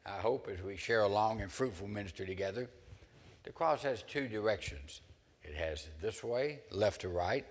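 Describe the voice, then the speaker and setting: A man preaching a sermon as pastor, earnest, rising into dramatic scripture readings. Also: lowish voice. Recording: long hall reverb.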